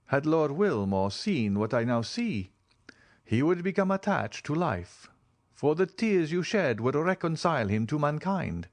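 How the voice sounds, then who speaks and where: A man's voice: on the high side, very animated, voice pushed up. A man reading a grave reserved nobleman. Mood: earnest. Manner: grave and measured. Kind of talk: audiobook character reading.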